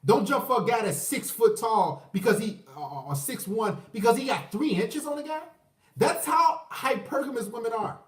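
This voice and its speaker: Man, 30s, profane rambling stream host, high pitch, distant mic with room echo. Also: animated, moderate pace. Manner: profane, rambling, mocking voices, shout-outs to viewers. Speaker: livestream host. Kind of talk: ranting livestream commentary. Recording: roomy echo, away from the mic.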